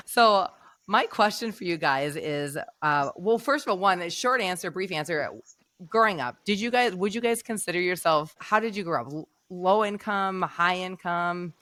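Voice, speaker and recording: Woman podcast co-host, raspy, hoarse, dry close sound. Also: on the low side, fairly bright tone, dry recording. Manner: chatty, quick, with fillers and restarts. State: hoarse from laryngitis. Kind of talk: casual interview chat.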